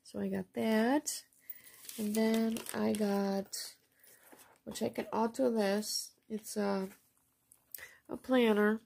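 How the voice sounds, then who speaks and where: A woman chatting casually at home as she shows off craft mail and bargain finds, gushing softly and sometimes dropping to a near whisper. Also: medium pitch, little pitch movement, slow, gravelly, long pauses. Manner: soft, gushing, often drops to a near whisper. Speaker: craft vlogger showing received mail and shopping finds. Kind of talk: casual show-and-tell chat.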